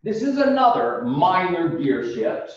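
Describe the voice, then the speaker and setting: Man, ethics lecturer, slow delivery, lively pitch, far from the mic, very echoey classroom. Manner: animated, acts out quotes with raised voice. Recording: distant lo-fi recording in a very echoey classroom.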